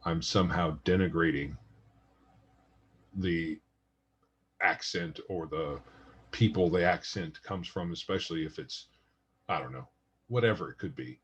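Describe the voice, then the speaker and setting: A man's voice: low voice, unhurried, pauses often, breathy edge, lo-fi sound. A man co-hosting a casual gaming podcast, giving blunt, dismissive opinions. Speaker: podcast co-host.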